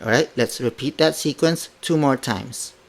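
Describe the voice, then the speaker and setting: A man's voice: mid-range voice, moderate pace, gravelly. A man teaching a pronunciation lesson on a podcast, patiently spelling words out letter by letter and repeating each phrase. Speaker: language teacher.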